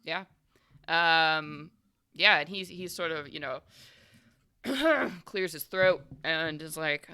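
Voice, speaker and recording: A woman runs a tabletop horror game in a loose, conversational way, full of fillers. Her voice sits a little low but sounds bright and crisp. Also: slow pace, long pauses. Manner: relaxed, chatty narration with fillers. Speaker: game master.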